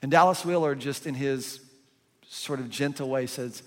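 In a reverberant hall, a pastor preaches a sermon in a medium-pitched voice at normal speed. He keeps it lively and conversational, posing rhetorical questions to the congregation.

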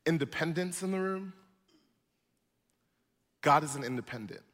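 A man's voice: on the high side, lively intonation, moderate pace, a bit bright, in a large hall. A man preaching a sermon as pastor, emphatic and repetitive, building in force.

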